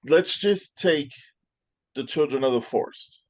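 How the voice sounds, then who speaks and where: A man talking on a podcast in a casual, deliberate way, building slowly to his points. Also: fairly high pitch, no echo. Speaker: podcast guest. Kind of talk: casual chat.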